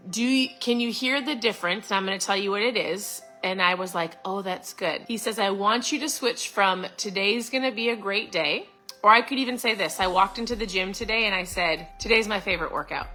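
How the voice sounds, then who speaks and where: A woman's voice: mid-range voice, brisk, bright, forceful tone, soft background music, rough recording. A middle-aged woman giving a casual, upbeat motivational talk to camera, chatty with lots of fillers and restarts. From Florida. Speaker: vlogger.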